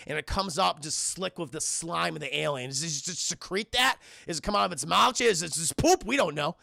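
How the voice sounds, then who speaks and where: A man streams a casual film breakdown, talking straight to his chat in an excitable, profane rush. His voice sits high and heavy with fry, with a bright, forceful edge. The sound is close and dry. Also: fairly quick, no room sound. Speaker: film reviewer streaming live. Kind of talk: casual spoiler retelling to a live chat.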